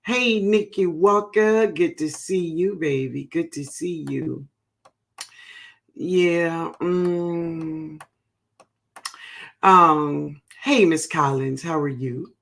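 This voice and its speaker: A woman greets her livestream viewers one by one, calling them baby and honey. She talks at an easy, unhurried pace. Her voice has a gravelly, fry-tinged edge. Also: sits low. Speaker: host of a gardening livestream.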